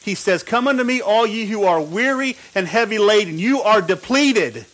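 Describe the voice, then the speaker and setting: Male pastor, high-pitched, emphatic repetitive preaching delivery. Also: expressive, normal speed, fairly bright tone, poor audio. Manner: emphatic repetition, frequent restarts. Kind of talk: sermon.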